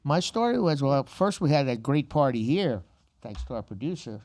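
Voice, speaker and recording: A man's voice: medium pitch, sing-song, normal speed, darkish tone, no echo, clean studio sound. A man, co-hosting a podcast in an easygoing, casual manner. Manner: easygoing, chimes in with short replies. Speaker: podcast co-host. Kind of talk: casual chat.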